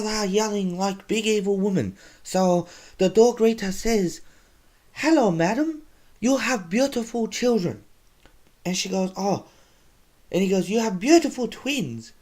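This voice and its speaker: A man's voice: sits high, a little mellow, pitched above the performer's own voice. A man voicing a dim-witted male comedian who tells clumsy jokes in broken English.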